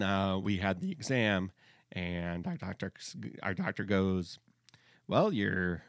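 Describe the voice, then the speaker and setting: Young man, low gravelly voice, dry close sound, casual rambling storyteller. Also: dry recording. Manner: rambling, jokey, slips into comic voices. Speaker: podcast co-host.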